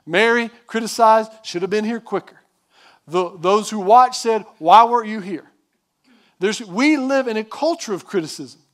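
A man's voice: sits high, normal speed. A man preaching a sermon as pastor, emphatic, putting questions to the congregation.

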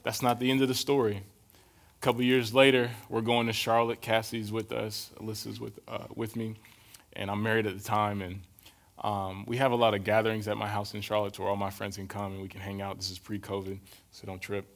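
A young adult man preaching a relaxed, conversational sermon, telling stories and often checking in with his listeners. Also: on the low side, brisk. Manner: casual, storytelling, keeps checking in with "right?".

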